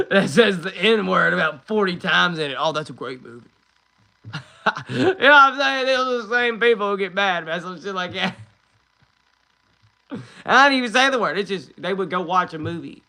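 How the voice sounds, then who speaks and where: A man's voice: fairly high pitch, gravelly, pushed and bright. A man hosting a livestream, chatting casually, swearing and laughing between rambling remarks. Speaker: livestream host.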